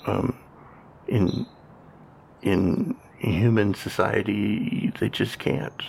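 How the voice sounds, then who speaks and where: A very low, gravelly-voiced man trading dry, wry remarks as a podcast co-host. He talks casually, with faint hiss in the background. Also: drawn-out words, a little mellow. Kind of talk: casual conversation.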